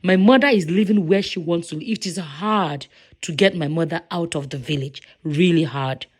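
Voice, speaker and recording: A woman's voice: fairly low pitch, normal speed, slightly rough. Emphatic Nigerian woman's voice-over. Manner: emphatic, conversational. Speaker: vlogger. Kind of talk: casual voice-over commentary.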